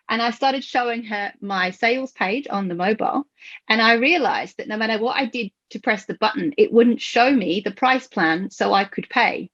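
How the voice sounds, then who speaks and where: A woman hosting a podcast, telling stories with lively acted-out quotes and frequent laughter. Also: mid-range voice. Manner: animated storyteller who acts out quoted voices and laughs often. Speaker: podcast host. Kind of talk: conversational podcast discussion. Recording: dull lo-fi audio.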